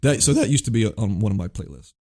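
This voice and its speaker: A man's voice: lowish voice, expressive, quick pace, dark tone. A man co-hosting a podcast, playing a quiz game in an eager, jokey way. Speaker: podcast co-host, contestant.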